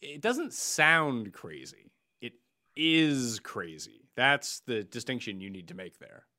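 A man's voice: mid-range voice, sing-song, slow, pushed and bright. Wry, teasing male host. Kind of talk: casual chat.

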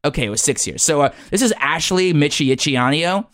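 A man's voice: a little high, animated, a little fast, a bit bright, no room sound, clean studio sound. A man playing a gossipy teenage boy who hosts a school podcast, rambling with constant likes and uhs. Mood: chatty. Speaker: podcast host. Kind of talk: improvised comedy podcast.

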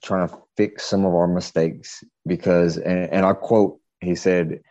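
Deep, dark-voiced man telling a rambling story. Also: little pitch movement, a little slow, no room sound, lo-fi sound. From southeastern United States. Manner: rambling, hesitant, many fillers and restarts. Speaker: podcast guest. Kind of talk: casual storytelling.

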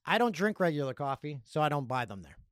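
A man hosting a podcast, telling stories in a casual, animated way and acting out other people's lines. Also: on the high side, fast talker, no room sound, clean studio sound. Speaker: podcast host. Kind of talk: casual storytelling.

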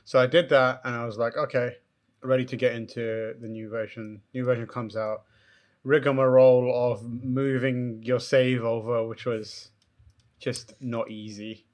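A man's voice: mid-range voice, little pitch movement, a little slow. A young man co-hosting a gaming podcast, talking in a laid-back, wry, rambling way. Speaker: podcast co-host. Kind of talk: casual gaming chat.

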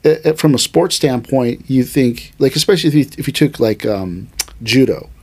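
Speaking at a medium pitch with an expressive, somewhat mellow voice, a traditional martial arts teacher explains his practice on a casual podcast. He's animated and thinks on his feet, often restarting and slipping in quick side comments.

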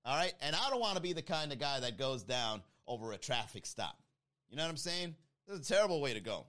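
A man's voice: on the high side, big pitch swings, brisk, a bit bright. A man hosting a casual stream, reading chat comments aloud and riffing on them with a lot of laughter. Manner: laughs often, loose joking banter. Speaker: host reading live chat.

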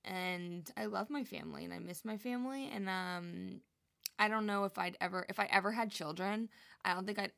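Young woman vlogger, gravelly edge, loose and chatty, mid pitch. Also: moderate pace, fairly bright tone. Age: young adult. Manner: chatty, rambling, lots of likes and you knows. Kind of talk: casual vlog chat. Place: Hawaii home.

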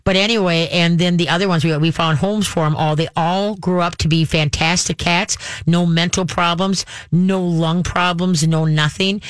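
A woman telling a personal story to her viewers in a rambling, halting way, full of restarts and folksy sayings. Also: deep voice, dry recording.

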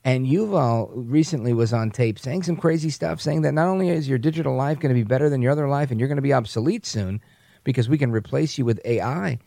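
Gravelly, animated talk radio man. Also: medium pitch, fast, no echo, clean studio sound. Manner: animated, mocking asides, frequent restarts. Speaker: radio talk show host. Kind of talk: opinionated talk radio commentary.

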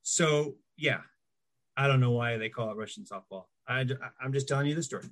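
A middle-aged man, a guest in a casual interview, tells animated anecdotes and acts out the voices of the people he quotes. His pitch is medium and he talks a little fast.

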